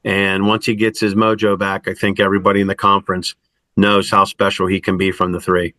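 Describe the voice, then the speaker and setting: A middle-aged man coaching college basketball, answering interview questions in a halting way, full of restarts and "I mean". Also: low-pitched, monotone, sharp tone, no room sound. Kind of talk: post-game style interview answers.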